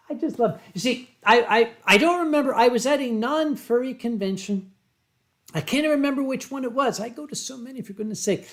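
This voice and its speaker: A man from Pennsylvania hosting a casual livestream from home, reading viewer comments and telling stories with drawn-out dramatic emphasis into a webcam mic. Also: extremely high pitch, a bit bright. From Pennsylvania, USA. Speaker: livestream host.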